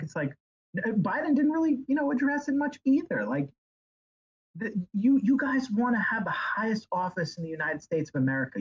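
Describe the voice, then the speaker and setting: Husky-voiced guest author rambling along, sounds a bit muffled. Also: male voice, mid-range voice. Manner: rambling, animated, jumps into silly impressions. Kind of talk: casual chat.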